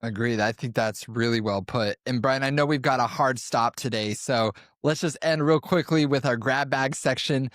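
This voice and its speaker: Brisk male podcast co-host. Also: mid-range voice, fairly bright tone, dry recording, clean studio sound. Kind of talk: policy podcast discussion.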